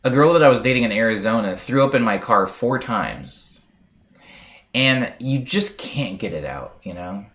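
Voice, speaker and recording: A young American man chats loosely on a live stream, drifting from story to story and reading messages aloud. His pitch swings widely and animatedly through each sentence, and he fills the gaps with a relaxed, playful ramble. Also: moderate pace. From United States. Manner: rambling, chatty, playful, lots of fillers.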